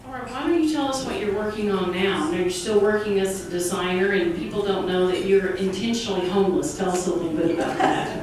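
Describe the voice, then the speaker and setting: A woman's voice: mid-range voice, fast, few pauses. A woman hosting a live author interview, asking conversational questions. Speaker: host. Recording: echoey room, distant mic, crowd audible.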